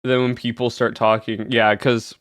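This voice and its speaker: A man's voice: mid-range voice, flat delivery, moderate pace, a bit bright. A male streamer chats casually with his audience, wandering from thought to thought and answering chat as he goes. His voice sits mid-range, and the sound is dry and close with no room echo. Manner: rambling, filler-heavy, answers chat.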